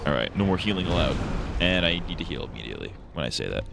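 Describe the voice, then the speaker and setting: A man's voice: sits low, sing-song, quick pace, vocal fry, over music. A man streaming a game, joking crudely and swearing a lot as he plays. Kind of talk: casual gaming commentary.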